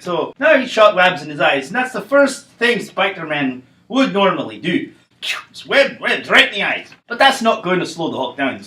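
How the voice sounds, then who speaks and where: A man's voice: high-pitched, big pitch swings, moderate pace, pushed and bright, echoey room, low-quality recording. A man telling a comic monologue to camera in a rambling, playful way, acting out scenes. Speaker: comedy vlogger.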